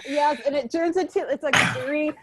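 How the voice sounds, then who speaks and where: A woman's voice: sits high, fairly quick, heavy background noise. A woman hosting a podcast, chatting casually and laughing often as she recaps. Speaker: podcast host. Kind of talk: casual chat.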